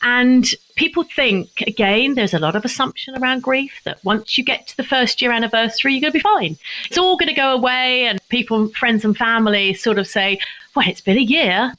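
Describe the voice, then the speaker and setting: A woman's voice: fairly high pitch, brisk, sharp tone, poor audio. An older woman from England, a charity founder, answering interview questions in an earnest, heartfelt way, close to tears at times.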